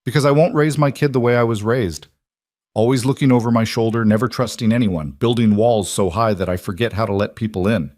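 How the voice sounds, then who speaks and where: A man plays a guarded crime boss softening toward his wife in a spoken romance story. The delivery is earnest and low-key, pitched low, with a close, dry sound. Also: brisk, dry recording, lightly acted. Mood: resolute. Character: guarded mafia boss husband, adult man, tender.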